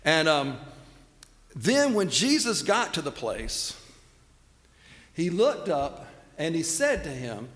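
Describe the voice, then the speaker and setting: A man's voice: fairly high pitch, big pitch swings, a little slow, a bit bright, in a large hall. A man preaching a sermon in a folksy, storytelling manner, acting out the quotes. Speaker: pastor.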